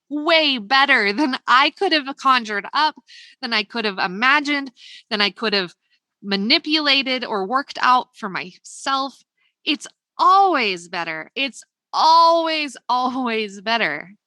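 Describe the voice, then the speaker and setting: American lady doing a pep-talk podcast, bright clear voice, dry close sound. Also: on the high side, no room sound. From United States. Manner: upbeat, emphatic, repeats phrases for stress. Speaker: podcast host. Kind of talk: motivational podcast monologue.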